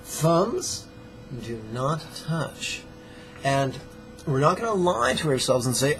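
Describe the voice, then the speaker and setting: A man's voice: fairly high pitch, sing-song, slow, fairly bright tone, faint music behind, poor audio. A man teaching a guided meditation lesson in a playful, joking, plainspoken way.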